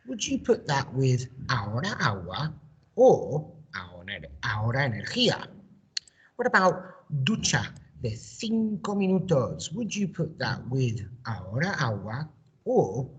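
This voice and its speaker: A primary school teacher, speaking in a very low register. Her voice rises and falls a lot as she encourages children and drills words call-and-response. Her tone is husky and breathy. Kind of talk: recorded home-learning language lesson.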